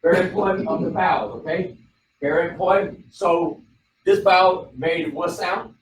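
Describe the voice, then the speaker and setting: A man leads a class, his voice sitting a little high for a man. He talks from some distance away from the microphone, in an echoey room with a faint hum of ambience behind him. He keeps repeating points and checking with the class as he goes. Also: moderate pace. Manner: repetitive, prompting the class with questions. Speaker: bible study teacher. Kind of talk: classroom teaching. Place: study hall room.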